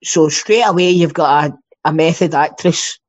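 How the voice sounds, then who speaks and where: Chatty Scottish man, slightly high voice. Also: normal speed. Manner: chatty, rambling, swears freely. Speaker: podcast co-host. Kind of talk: casual chat. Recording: dull lo-fi sound.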